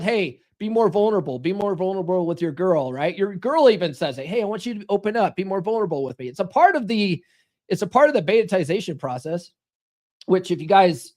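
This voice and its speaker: A man's voice: high-pitched, a little mellow. A man hosting a podcast, talking casually and bluntly, swearing and tossing in "right?" and "okay?" as he goes. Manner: blunt, profane, keeps checking in with "right?" and "okay?". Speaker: podcast host. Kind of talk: casual monologue to a live chat.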